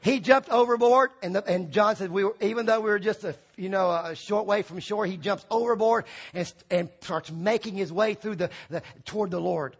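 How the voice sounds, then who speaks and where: A man preaching a lively sermon, acting out quoted voices and shouting for emphasis. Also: sits high, moderate pace, few pauses, slightly rough.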